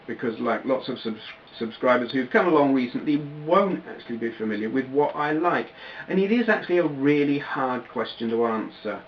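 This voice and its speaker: A man chatting casually in a vlog, rambling and breaking off his own sentences with lots of fillers. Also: medium pitch. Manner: rambling, self-interrupting, chatty with frequent fillers. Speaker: retro gaming YouTuber. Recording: slightly dull lo-fi audio with faint background noise.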